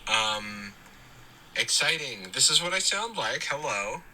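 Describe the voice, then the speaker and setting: Man doing a puzzled guy with a put-on accent, slow, bright, lively pitch. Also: heavily acted, rough recording. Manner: puzzled, halting. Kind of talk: dating app voice message.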